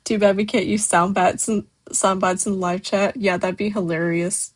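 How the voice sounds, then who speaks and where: A woman who makes stop-motion content hosts a casual livestream, reading chat messages aloud and answering them loosely with lots of fillers. Her voice is mid-range and steady, and she speaks at a moderate pace.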